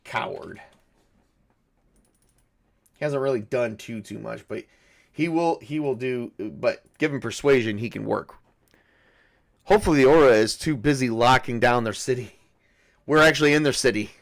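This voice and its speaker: Guy running a solo tabletop game, talks to himself, rambles and corrects himself, mid pitch. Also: normal speed, vocal fry, long pauses. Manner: rambling, self-correcting, chuckles at own jokes. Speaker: game master.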